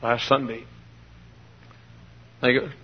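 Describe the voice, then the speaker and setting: A man preaching a fiery sermon in a church, swinging from hushed pleading to shouting. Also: medium pitch, level tone, slow, husky. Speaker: pastor. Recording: dull lo-fi old sermon recording.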